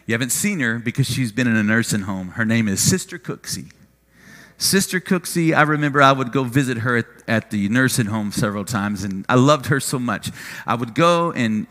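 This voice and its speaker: A man's voice: medium pitch, fairly bright tone. A man in a church preaching as pastor, in a fervent, declaring style. His voice sits in an ordinary middle range. It is caught with a long reverb that trails off in the sanctuary. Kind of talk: sermon.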